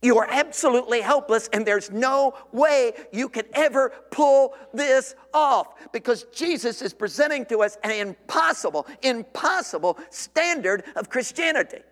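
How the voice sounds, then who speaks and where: High-voiced preacher in a church. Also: male voice, normal speed, hardly any pauses, in a large hall. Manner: animated, acts out listeners, shouts for emphasis. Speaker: pastor. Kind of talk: sermon.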